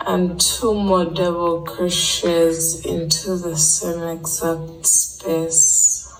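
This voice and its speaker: A woman's voice: fairly low pitch, level tone, very slow, echoey room, music in the background. Distant woman giving crochet steps. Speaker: crochet tutorial host. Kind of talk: step-by-step crochet instruction. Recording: distant audio played from a laptop.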